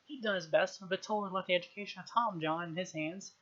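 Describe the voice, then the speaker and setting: A woman's voice: on the low side, quick pace, a bit bright, dull audio. A woman reading a novel aloud on a stream, in an unpolished way with frequent slips and restarts. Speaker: reader. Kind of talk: casual audiobook reading on stream.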